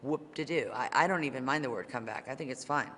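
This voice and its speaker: A woman's voice: extremely low pitch, quick pace, a bit bright, long reverb tail, slight background noise. A woman talking in a casual interview, rambling, candid and joking.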